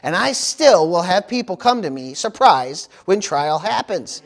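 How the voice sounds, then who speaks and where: Here a middle-aged American pastor gives a sermon peppered with "amen" and "praise the Lord." His high voice has a sing-song, creaky quality, and he speaks a little slowly.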